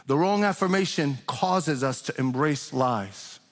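A man preaching to a large congregation, his slightly high voice pushing hard on each point and climbing into urgent questions. The sound carries a long reverb from the big church hall around him. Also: animated, a little slow, faint music behind. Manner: impassioned preaching with rising emphatic questions. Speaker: pastor. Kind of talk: sermon.

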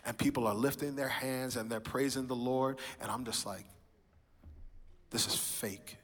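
A man's voice: mid-range voice, fairly even intonation, fairly quick. A man from New York giving a sermon-style personal testimony in a church, telling his story with animation and acting out the voices of people in it. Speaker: speaker sharing his testimony. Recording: reverberant hall.

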